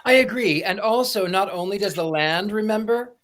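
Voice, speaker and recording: A man's voice: high voice, moderate pace, a bit bright. A man on a casual panel, joking and playful.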